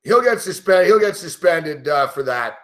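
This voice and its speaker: A man's voice: fairly high pitch, lively intonation, unhurried. A man hosting a sports betting show, giving live game commentary in an angry, profane, indignant rant.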